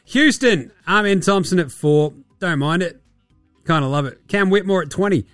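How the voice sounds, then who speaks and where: A man with an Australian accent hosting a casual basketball podcast, sarcastic and profane, often mimicking players in quick asides. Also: on the high side, lively intonation, dry recording, faint music behind. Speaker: podcast host.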